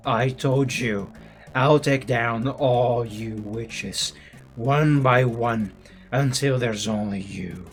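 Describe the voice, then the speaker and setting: A man voicing an evil male creature who taunts a young witch in a slow, gloating drawl. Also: medium pitch, soft background music. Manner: slow, gloating, drawn-out menace.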